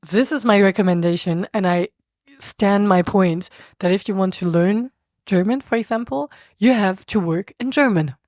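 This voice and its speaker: A woman's voice: mid-range voice, moderate pace, a little mellow, dry recording, studio quality. A young woman with a French accent, a podcast guest chatting casually and animatedly, often laughing and restarting her sentences. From France. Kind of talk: casual conversational interview.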